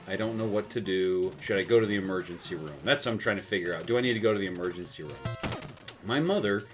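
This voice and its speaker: A man's voice: low-pitched, fast talker, over music. A man from South Texas telling a rambling, self-mocking story while he plays a game, laughing often. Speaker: gaming video host. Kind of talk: storytelling over gameplay.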